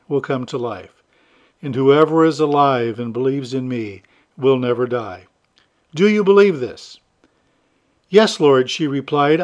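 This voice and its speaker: A man, a priest, reading the gospel aloud and then preaching a homily in a relaxed, chatty way with light humor. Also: a little high.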